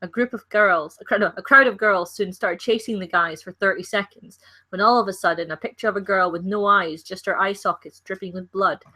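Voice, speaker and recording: Bright-voiced Scottish woman reading aloud. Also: medium pitch, fairly quick. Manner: giggly, reads with stumbles and self-corrections. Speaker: co-host reading stories aloud. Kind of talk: reading a story aloud on a livestream.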